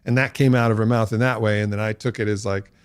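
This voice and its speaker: A man with a fairly low voice tells a story as a podcast guest, relaxed and reflective, often laughing as he goes. The sound is dry and close, with no room around it. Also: fast talker, smooth, dry recording. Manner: laughs while telling stories; reflective, uses many fillers. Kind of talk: casual storytelling.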